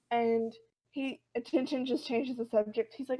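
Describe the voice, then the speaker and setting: A woman co-hosting a casual podcast, retelling a comic with animated voices for the characters. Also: on the high side, normal speed, low-quality recording. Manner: animated storytelling, acting out characters' lines. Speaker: podcast co-host.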